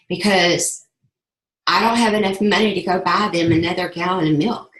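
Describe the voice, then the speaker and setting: A woman's voice: fairly low pitch, normal speed, fairly bright tone. A middle-aged woman, giving an earnest, impassioned personal testimony and repeating phrases for emphasis. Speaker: sales ambassador giving a testimonial. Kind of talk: emotional personal testimony speech. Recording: echoey room.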